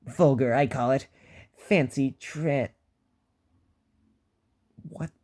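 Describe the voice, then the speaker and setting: A man's voice: medium pitch, drawn-out words, darkish tone. A man voicing a snobbish, grumbling male engine in a storybook reading. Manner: grumbling and haughty.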